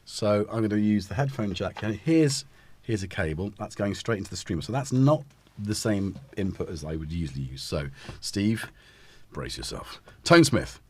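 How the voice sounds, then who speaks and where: A man's voice: lowish voice, lively intonation, normal speed, husky. A man hosting a casual live stream, talking in a rambling, self-interrupting way while he fits synth modules into a case. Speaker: host.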